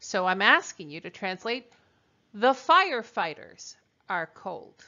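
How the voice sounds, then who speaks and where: A woman teacher leading a recorded translation drill, speaking slowly and deliberately with pauses. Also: medium pitch, big pitch swings, sharp tone, lo-fi sound. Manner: slow, deliberate dictation with pauses. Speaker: French teacher.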